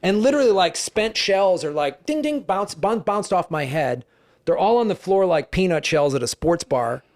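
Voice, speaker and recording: A middle-aged man, a guest comedian, telling stories in conversation, animated and profane, acting out the dialogue. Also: sits high, normal speed, dry recording, studio quality. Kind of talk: conversational storytelling.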